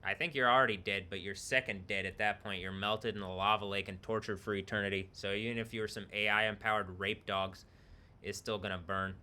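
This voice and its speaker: A man's voice: on the low side, steady tone, a little fast, sharp tone. A man streaming alone, talking in a rambling, profane way and laughing between remarks. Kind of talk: rambling solo livestream talk. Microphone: computer microphone.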